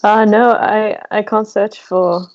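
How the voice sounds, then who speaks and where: A woman's voice: mid-range voice, level tone, slow, highs cut off. A woman playing a tabletop game, dry and asking about the rules. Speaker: player. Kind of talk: casual tabletop play.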